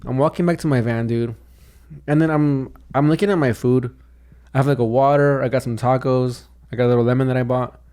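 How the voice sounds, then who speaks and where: A young man telling a story on a podcast in a loose, rambling way. His voice sits at an ordinary middle pitch, and he keeps restarting his sentences and saying "dude". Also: steady tone, a little fast, warm tone, clean tone. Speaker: podcast co-host, comedian. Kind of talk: casual chat.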